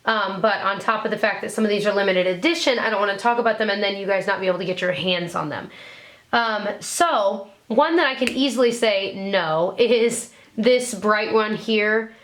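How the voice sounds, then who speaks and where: A young woman beauty vlogger chatting casually as she sorts through makeup, gushing and thinking out loud. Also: mid-range voice, moderate pace. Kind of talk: casual makeup declutter chat.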